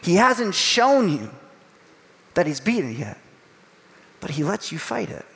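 A male pastor preaching with a high, light voice, chatty and animated, slipping into small acted voices. His words ring out with a long hall reverb around them. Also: unhurried, creaky. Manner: conversational, animated, acts out voices. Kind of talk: sermon.

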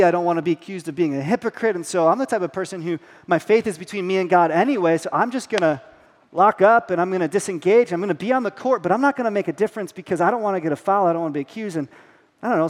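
A man's voice: high-pitched, fast, long reverb tail. A man in his thirties preaching a sermon as a pastor, telling a family story with playful acted-out quotes before he turns to the teaching.

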